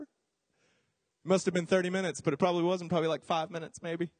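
Casting: young male preacher, high voice, close dry sound, playful storyteller who slips into comic voices. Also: normal speed, long pauses, dry recording. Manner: animated, jokey, acts out voices in quotes. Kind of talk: casual storytelling sermon.

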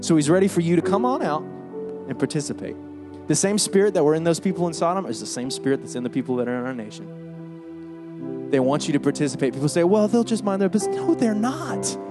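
A man's voice: on the high side, lively intonation, a little fast, music in the background. A man preaching a sermon in a church, emphatic and conversational, with frequent rhetorical questions. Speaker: pastor.

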